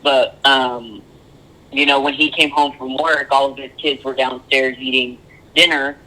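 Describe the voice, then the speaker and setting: Young male podcast guest, bright tense tone, earnest, pauses with ums. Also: medium pitch, level tone, rough recording. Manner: earnest, halting with frequent ums. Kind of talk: candid personal interview.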